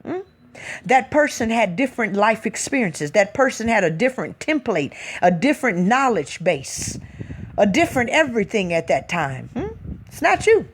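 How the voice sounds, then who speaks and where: A woman's voice: mid-range voice, big pitch swings, normal speed, a little hiss or hum. A woman hosting a spiritual talk, speaking in an emphatic, preachy casual style and often tossing in a rhetorical "hmm?". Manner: reads out listener comments.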